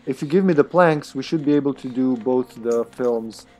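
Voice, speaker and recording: A man chatting casually while playing a co-op game on stream, quick and prone to swearing when flustered. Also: medium pitch, darkish tone. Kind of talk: casual gaming chat.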